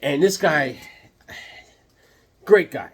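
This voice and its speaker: A man's voice: on the high side, extremely slow, slightly rough. A man chatting casually in a vlog, rambling and joking as he shows off his comic collection at home. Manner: rambling, jokey, loose.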